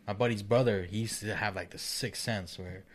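A man's voice: fairly low pitch, steady tone, normal speed. A man joking around on a podcast, laughing often and telling loose anecdotes in slang. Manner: laughs a lot, slangy, says "bro" and "man". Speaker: podcast co-host. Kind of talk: casual chat.

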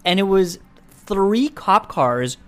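A young man, a guest filmmaker, telling a story in casual conversation, animated and laughing, acting out voices. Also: high voice, slow pace.

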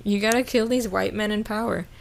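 A woman's voice: mid-range voice, steady tone, brisk, gravelly, a little hiss or hum. A woman co-hosting a casual chat, leading a film recap in a chatty way with lots of fillers. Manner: chatty, heavy use of "like", leads the recap. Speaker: podcast co-host.

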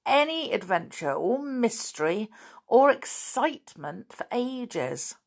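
A woman reading the part of an eager, bossy boy who leads a children's club, brisk and organising. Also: on the high side, sing-song, gravelly, voice pushed up, heavily acted.

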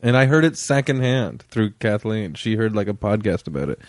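A man's voice: lowish voice, sing-song, fairly quick, dry recording, studio quality. A man hosting a podcast in casual chat, laid-back and teasing, laughing often. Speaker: podcast host.

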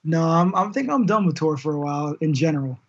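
A laid-back man talks on a podcast over a video call, easy and slangy, with casual swearing. His voice sits a touch high, and the call audio is muffled and lo-fi. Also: expressive, fast talker. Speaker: podcast guest.

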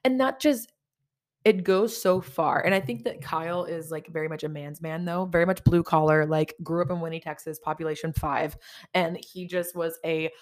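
A woman hosting a podcast in casual confessional chat, rambling and candid with lots of swearing and self-mocking asides. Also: on the low side. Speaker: podcast host.

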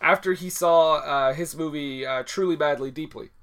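A man's voice: fairly high pitch, normal speed, fairly bright tone. A man co-hosting a casual film podcast, loose and joking, swearing and laughing as he tells the story behind a movie. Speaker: podcast co-host.

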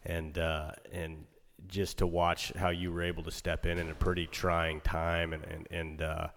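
Brief: deep, even-toned co-host, a man paying a heartfelt tribute, with a long room reverb. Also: a little slow, creaky. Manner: earnest, heartfelt. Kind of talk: casual podcast chat.

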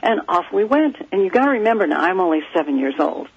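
A woman from California, a psychic guest, telling a childhood story in a lively, animated way over the phone. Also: medium pitch, fast talker, slightly rough. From California, USA. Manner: animated, lively storyteller who acts out quoted voices. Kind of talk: storytelling in a phone-in radio interview. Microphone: telephone. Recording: muffled phone line.

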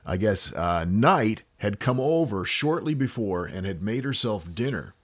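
Low-voiced American man telling a crime story. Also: a little slow. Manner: relaxed, joking, with frequent fillers. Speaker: podcast host. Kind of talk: casual true-crime storytelling.

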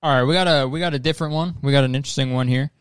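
Guy podcast host rambling and cursing, smooth clean voice, dry close sound. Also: mid-range voice, racing, no room sound. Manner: rambling, profane, laughs often. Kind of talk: casual podcast chat.

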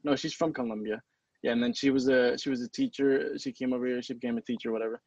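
A man guest on a podcast, telling a story in a flat, hesitant way over a dull, muffled mic. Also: medium pitch, fast talker, no room sound. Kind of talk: casual podcast chat.

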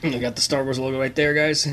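A man hosts a movie watch-along, keeping up casual, chatty live commentary as he thinks aloud and munches popcorn. His medium-pitched voice is flat and a bit bright, and he talks quickly.

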